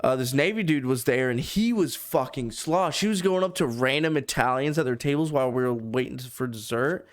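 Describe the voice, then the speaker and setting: A man's voice: mid-range voice, fairly quick, hardly any pauses. A young American man on a casual podcast, telling crude, rambling stories and swearing a lot. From United States. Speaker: podcast co-host.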